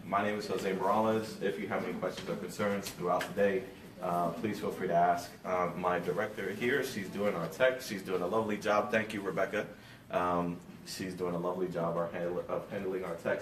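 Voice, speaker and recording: A man with a very deep voice hosts the event, going through announcements casually with lots of "uh" and "um". He is recorded from a distance in an echoey room, with faint noise in the background. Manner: casual, hesitant, many fillers. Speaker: event organizer introducing speaker. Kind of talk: announcements and introduction. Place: library meeting room.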